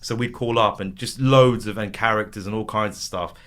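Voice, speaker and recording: A man's voice: on the low side, fairly quick. A man, a podcast guest chatting casually and telling stories, slipping into silly voices. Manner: lively storyteller, slips into silly voices. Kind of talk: casual chat.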